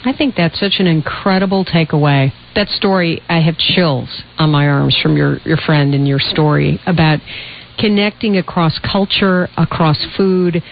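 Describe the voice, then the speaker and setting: A woman's voice: deep voice, steady tone, moderate pace, gravelly. A woman hosting a live talk radio show, interviewing guests and taking calls. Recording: dull broadcast audio with faint hiss.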